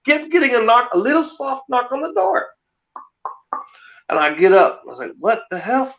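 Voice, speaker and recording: A man telling a ghost story in a casual, animated way, laughing often. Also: very high voice, muffled recording. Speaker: guest.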